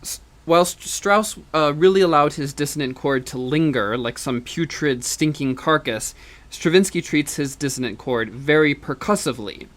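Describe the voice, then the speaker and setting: A man's voice: a little high, moderate pace, fairly bright tone. A man giving a university music lecture, explaining step by step, counting beats and humming rhythms, with frequent fillers and restarts.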